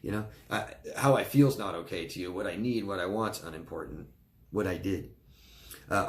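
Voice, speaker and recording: A man with a fairly low voice answers viewers' questions as a life coach. He speaks informally and earnestly, checking in with the listener and often stopping to repeat or restart his words. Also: normal speed. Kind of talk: live Q&A advice talk.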